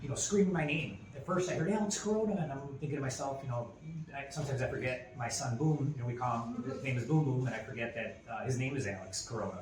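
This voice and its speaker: A man in his forties co-hosting a podcast, telling a story in casual chat with lots of fillers and restarts. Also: medium pitch. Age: 40s. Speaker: podcast co-host. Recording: roomy echo with faint ambient noise.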